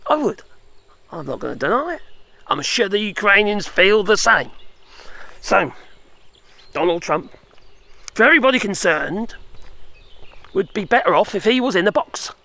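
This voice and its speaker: A man's voice: high voice, big pitch swings, moderate pace, creaky, pushed and bright. A man giving a rambling, sarcastic opinion vlog, full of chuckles and tag questions. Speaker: political commentator.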